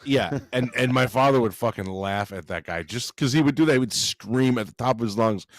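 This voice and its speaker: A man's voice: mid-range voice, a little fast, no room sound, studio quality. A man chiming into podcast banter with casual, profane remarks and a story.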